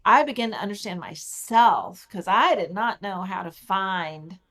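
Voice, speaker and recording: A middle-aged woman, a podcast guest, telling a personal story in conversation in an animated way, repeating words for emphasis. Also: medium pitch, a little slow.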